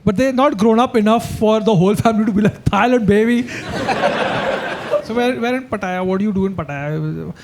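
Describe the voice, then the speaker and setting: A young adult man with an Indian English accent, telling an animated story in a casual comedy chat and laughing as he talks. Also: sits high, moderate pace, noisy background. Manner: laughs through the story, acts out quoted voices loudly. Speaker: comedian guest.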